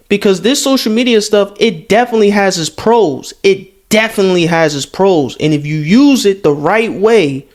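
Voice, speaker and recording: A young man riffs through a casual reaction video in a slightly high voice. He talks loosely in profane slang and keeps circling back to the same phrases. He sounds like he is chatting straight to his viewers. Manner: loose, profane street slang, repeats himself.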